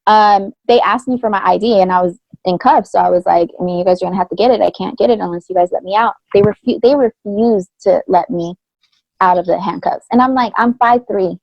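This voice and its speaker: Gravelly-voiced woman telling her story. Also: medium pitch, brisk, a little mellow, no room sound. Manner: candid, earnest retelling with blunt slang. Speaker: podcast co-host. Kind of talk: personal storytelling in casual chat. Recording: dry, slightly dull lo-fi sound.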